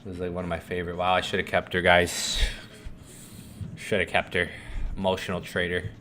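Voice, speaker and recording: A man hosting a live trading stream, chatting loosely and swearing, swinging from hyped call-outs to low muttering. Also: completely flat delivery, a little fast, bright, forceful tone, slight background noise. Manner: loose and profane, swings between hype and muttering. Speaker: forex trading livestream host. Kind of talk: casual live-stream chat.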